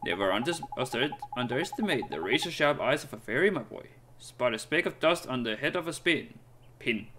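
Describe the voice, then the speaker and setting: A man's voice: medium pitch, lively intonation, a little fast, noisy background, lightly acted. A man doing a cheeky male fairy sidekick. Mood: teasing. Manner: slangy, brash, cheerful. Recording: game music behind the voice.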